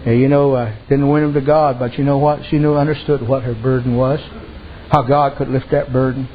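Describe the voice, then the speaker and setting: A man's voice: medium pitch, level tone, brisk, highs cut off, a little hiss or hum. A man preaching a sermon in a folksy, colloquial storytelling way.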